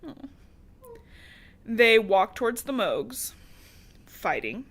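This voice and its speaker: A woman's voice: medium pitch, moderate pace, fairly bright tone. A woman co-hosting a podcast, recapping a book in casual chat, full of fillers and sarcastic asides.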